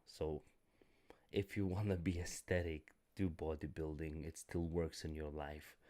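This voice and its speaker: A man on a casual live stream, hoarse and tired, talking bluntly and rambling with many restarts. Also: rumbling low, level tone, measured pace, warm tone. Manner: rambling, blunt, self-correcting. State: hoarse, voice cracking.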